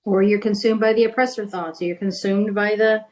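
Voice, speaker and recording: A woman's voice: medium pitch, fairly even intonation, fairly quick, a little mellow. Conversational woman in a recovery group. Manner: conversational, thinks aloud.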